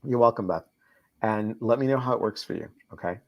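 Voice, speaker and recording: A man's voice: on the low side, brisk. A man hosting a casual live-stream chat, reading viewers' comments aloud and answering them. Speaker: host. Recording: slightly dull lo-fi stream audio.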